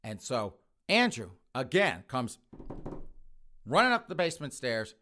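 A man's voice: medium pitch, big pitch swings, a little slow, sharp tone, slight background noise. Brash man telling a comic story. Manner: brash, rambling, crude. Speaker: podcast host.

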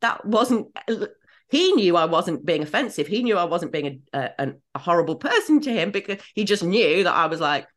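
Woman, low voice, animated storyteller, casual chat. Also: normal speed. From Great Britain. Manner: animated storyteller with big swings in pitch. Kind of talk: casual conversation.

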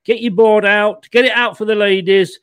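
High-voiced man hosting a jokey football chat. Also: fairly even intonation, moderate pace, fairly bright tone, clean tone, no echo. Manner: laughing, loose and jokey. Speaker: host.

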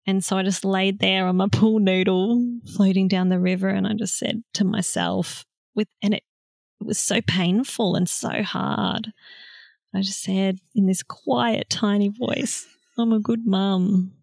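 A woman guest on a podcast, speaking in a soft, slow, heartfelt way with long pauses. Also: mid-range voice, fairly even intonation, creaky, no echo, studio quality. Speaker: guest, motherhood facilitator. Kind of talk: slow reflective conversation.

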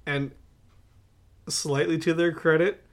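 A man's voice: fairly high pitch, slow. Chatty young man reviewing a movie. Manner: animated, laughs often, lists notes with many "uh"s. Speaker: podcast co-host. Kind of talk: casual movie-review chat.

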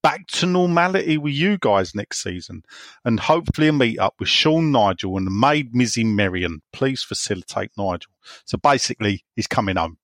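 Male co-host, jokey, animated pitch, dry close-miked sound. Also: normal speed, dry recording. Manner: playful, reads listener questions with laughs. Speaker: podcast co-host. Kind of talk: casual chat.

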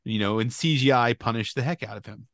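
A man's voice: medium pitch, fast, a bit bright, no echo, studio quality. A man co-hosting a podcast, explaining film details in casual chat. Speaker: podcast co-host.

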